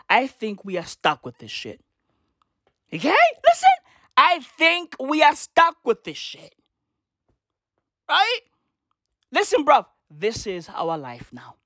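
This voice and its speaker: A woman's voice: a little high, a bit bright, no echo, studio quality. A woman delivering a comedic rant, packed with slang and swearing and pushed with emphatic energy. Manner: slang-heavy, profane, emphatic. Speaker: comedic ranter.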